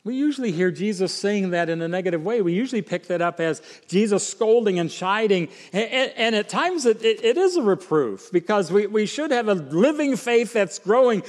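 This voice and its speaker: High-voiced preaching man in a hall. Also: animated. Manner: emphatic preaching, swinging from quiet, slow lines to raised ones. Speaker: pastor. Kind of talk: sermon. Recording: long hall reverb.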